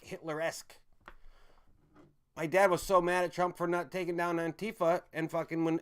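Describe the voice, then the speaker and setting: A man hosting a rambling online commentary stream, ranting and often restarting his sentences while talking to his audience. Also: a little high. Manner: ranting, with frequent restarts and stumbles; addresses the audience as folks and guys.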